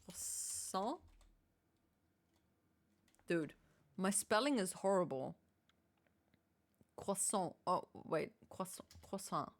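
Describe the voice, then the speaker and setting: German-accented woman, game streamer, slow, chatty self-corrections. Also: mid-range voice, lively intonation. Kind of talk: casual game commentary.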